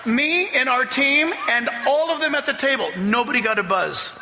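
Animated preacher in an echoey hall. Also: male voice, very high voice, normal speed, very noisy. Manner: animated, rising to near-shouts in the story. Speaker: pastor. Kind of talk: sermon with storytelling. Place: church sanctuary.

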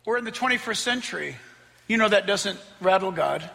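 A man preaching a sermon in an animated, conversational way, mixing scripture with joking asides. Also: high voice, brisk, gravelly, in a large hall.

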